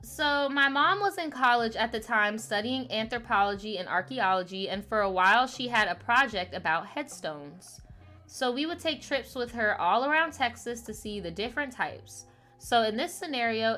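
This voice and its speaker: A woman with a bright, forceful voice hosts a relaxed show. She reads viewer letters aloud and breaks in with chatty, playful asides full of fillers. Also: a little high, normal speed, soft background music. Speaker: podcast host reading viewer stories. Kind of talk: casual chat, reading letters aloud.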